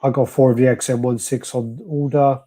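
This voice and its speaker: A man's voice: medium pitch, little pitch movement, fairly quick, dark tone, slight background noise. A man hosting a casual live stream, reading out viewer comments with a laid-back, swearing manner. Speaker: host.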